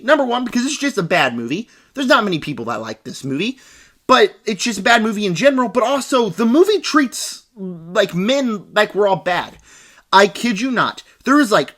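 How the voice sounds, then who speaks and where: A man's voice: high-pitched, a bit bright. Emphatic ranting man reviewing movies. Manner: emphatic, ranting, repeats words for stress. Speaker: film reviewer. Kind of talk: casual video review. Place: home desk.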